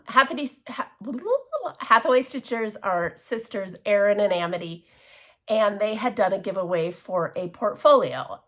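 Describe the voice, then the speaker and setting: A woman chatting casually in a show-and-tell craft vlog, gushing and excitable, with many restarts and laughs. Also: mid-range voice. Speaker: cross-stitch vlogger.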